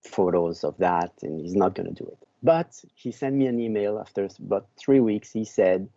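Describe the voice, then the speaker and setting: A man from Belgium, a podcast guest who tells a long story slowly and often repeats words as he searches for them. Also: low-pitched, animated, gravelly, warm tone, no echo, lo-fi sound. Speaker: podcast guest, book author.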